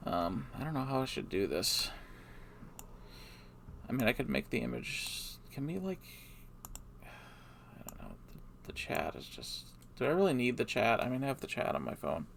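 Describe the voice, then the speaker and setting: A man's voice: mid-range voice, huge pitch swings, moderate pace, gravelly, pauses often, a bit bright, slight background noise. A man streaming live, rambling in a hesitant, mumbling, self-deprecating way.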